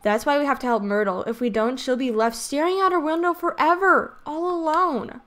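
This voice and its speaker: A woman doing a soft, earnest boy. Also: high voice, fairly even intonation, normal speed. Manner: soft, hesitant. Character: gentle, earnest young boy hero. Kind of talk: reading game dialogue aloud.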